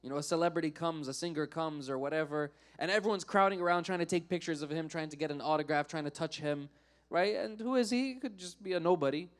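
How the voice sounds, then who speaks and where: A man giving a Friday sermon, telling a story in an animated way and acting out the characters. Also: fairly high pitch, quick pace.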